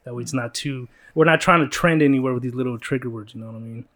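A man's voice: mid-range voice, quick pace, fairly bright tone. A man hosts a laid-back podcast, wandering from thought to thought with a joking, easygoing manner. His talk is full of fillers and restarts, and he keeps things loose and chatty. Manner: rambling, jokey, many fillers and restarts. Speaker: podcast host. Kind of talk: casual chat.

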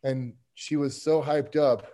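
A man as a podcast guest, telling a story in an animated, excitable way with many restarts. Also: mid-range voice, slow. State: getting emotional. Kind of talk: casual chat.

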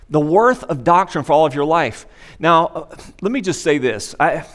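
Middle-aged male pastor, sermon in a sanctuary, slightly high voice, earnest and repetitive emphasis. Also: fairly bright tone. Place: church sanctuary. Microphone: wearable microphone pack.

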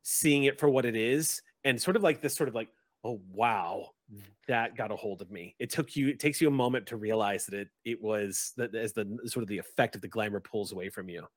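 A man's voice: medium pitch, fast, few pauses, no echo, studio quality. A man running a tabletop game, describing scenes and speaking to players, rambling with restarts. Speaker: game master.

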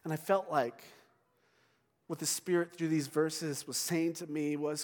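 Middle-aged male pastor, tearful, halting sermon delivery, somewhat high voice, long church reverb. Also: fairly even intonation. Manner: emotional, personal storytelling with halting restarts. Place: church sanctuary.

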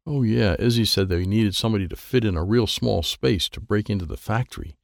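A man reading a children's book aloud, lively and playful, with sound effects and character voices. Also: lowish voice, brisk, creaky, no room sound, studio quality. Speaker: audiobook reader.

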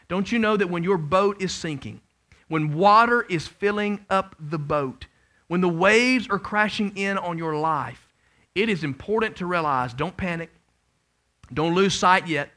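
A high, bright male voice delivering a sermon from the pulpit. He moves from forceful, raised emphasis down to quiet, intense near-whispers, and drops into playful, acted-out dialogue along the way. The delivery is that of a pastor speaking to his congregation. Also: normal speed. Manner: dynamic preaching, swinging from loud emphasis to hushed intensity; humorous asides and acted-out dialogue.

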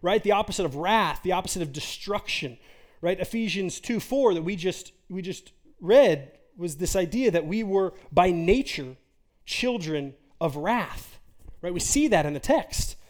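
A man's voice: high voice, darkish tone. A man in his forties preaching an earnest, conversational sermon as a pastor, full of rhetorical questions.

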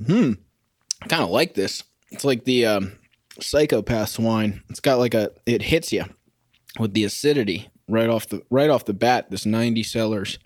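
A man's voice: on the low side, moderate pace, dry recording, clean studio sound. A young man hosting a casual solo podcast from his kitchen at home, rambling and amused with himself. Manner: rambling and self-amused, sings snatches of a song. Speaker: podcast host.

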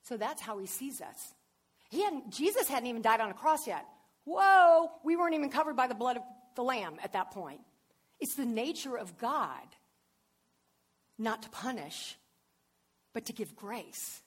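A woman giving a sermon, telling a Bible story in an animated way that swings between hushed, tender passages and loud, excited ones. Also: on the high side, measured pace, slightly rough. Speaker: preacher.

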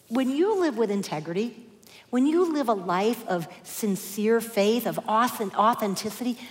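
Woman preaching in a reverberant hall. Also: medium pitch. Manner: earnest, warm preaching with soft asides and light laughs. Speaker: speaker giving a church message. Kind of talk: sermon.

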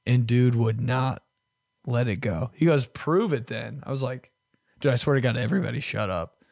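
A young man hosts a podcast and tells crude, self-mocking stories in a loose, chatty way. His voice sits in a middle pitch and often swings between loud and hushed. The sound is dry and close, with no room echo. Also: moderate pace, vocal fry. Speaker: podcast host. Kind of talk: casual storytelling.

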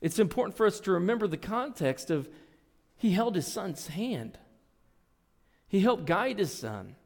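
A pastor preaching a sermon, telling a story earnestly and reading scripture aloud. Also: male voice, sits high, sing-song, measured pace, gravelly. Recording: long reverb in a large hall.

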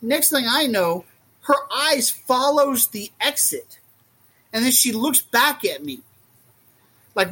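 A man talking as a guest in a casual podcast chat, rambling and animated, often acting out what others say. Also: extremely high pitch, takes it slowly, long pauses, breathy edge. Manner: rambling and animated, acts out quotes. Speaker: guest, reptile keeper.

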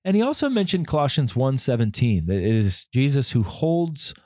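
A man's voice: medium pitch, very animated, moderate pace, darkish tone, dry recording, clean studio sound. A man co-hosting a podcast for pastors, chatting casually and recapping resources with easy fillers. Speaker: podcast co-host.

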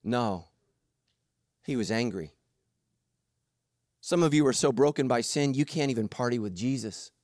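A man preaching a sermon, animated and jokey, acting out the story's voices. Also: mid-range voice, moderate pace, pauses often, dry recording, clean studio sound. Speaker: pastor.

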